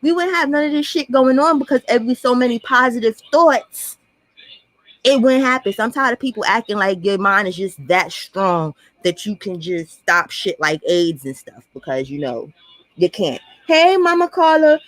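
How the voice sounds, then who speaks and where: A woman vlogger giving blunt, profane reaction commentary in a fast, ranting way. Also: mid-range voice, fairly bright tone, no room sound.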